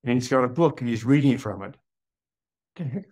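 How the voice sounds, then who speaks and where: A man who is a podcast guest tells a personal story. His delivery is slow and full of wonder, with sudden excited rises. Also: medium pitch, husky.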